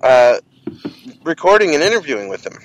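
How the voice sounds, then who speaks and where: A man who hosts a comedy interview podcast, telling stories in an animated, casual way with lots of restarts. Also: on the high side, fairly quick, a little hiss or hum, poor audio. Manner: animated, many restarts and quoted voices.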